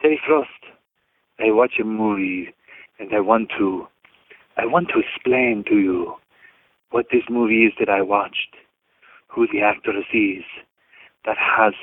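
A man's voice: lowish voice, slow, long pauses, dry recording. A man leaving a voicemail as a caller, putting on a hammy foreign accent that he keeps dropping and picking back up, and crooning bits of a song. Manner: sings snatches of a song. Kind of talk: voicemail feedback. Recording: tinny phone line voicemail.

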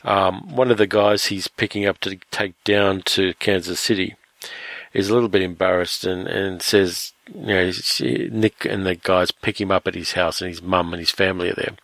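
A man reviewing a film in casual commentary, relaxed and retelling the plot with fillers. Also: low-pitched, moderate pace, no room sound.

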